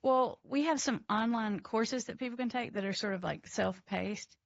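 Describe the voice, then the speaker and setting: A woman with a gravelly, creaky voice speaks as an addiction counselor guest, animated and emphatic. The sound is dry and a bit dull, like lo-fi remote audio. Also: on the high side, normal speed, no room sound. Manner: animated, emphatic, laughs between points. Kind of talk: casual interview chat.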